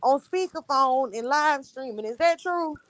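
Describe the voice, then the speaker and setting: A woman's voice: high-pitched, animated, unhurried, dry recording. A woman co-hosting a casual live-stream chat, talking bluntly with lots of slang and cussing. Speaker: co-host.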